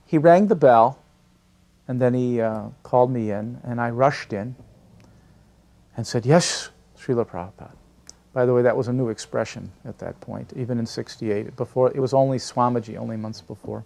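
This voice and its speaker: A man's voice: medium pitch, moderate pace, gravelly, mellow. A man telling a personal story in an interview, acting out quoted dialogue and laughing often. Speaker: devotee sharing memories.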